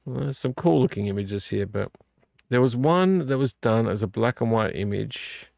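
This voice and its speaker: A man's voice: mid-range voice, moderate pace, creaky, dry recording. A tired man, hosting a casual late-night vlog and rambling about his movie collection. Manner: relaxed, rambling, complains about covers. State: tired and yawning. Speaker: vlog host. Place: home room.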